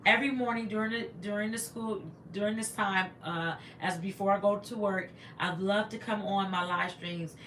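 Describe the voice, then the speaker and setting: A woman's voice: mid-range voice, sharp tone, roomy sound, slight background noise. A woman, a teacher, chatting casually on a livestream, greeting viewers and rambling with stumbling restarts into a laptop microphone.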